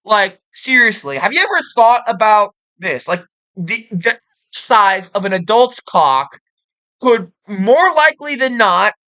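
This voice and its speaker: A woman's voice: mid-range voice, expressive, a little slow, bright, forceful tone, rough recording. Profane, sarcastic woman commentator. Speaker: commentary video host. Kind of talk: ranting online commentary.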